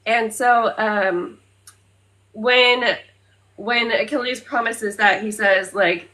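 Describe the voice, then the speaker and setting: A woman co-hosting a podcast in casual chat. She retells things in a lively, loose way, swears freely, and stops to hunt for her place. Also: fairly high pitch, slow pace, low-quality recording. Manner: animated retelling, often swears, fillers, loses her place. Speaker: podcast co-host.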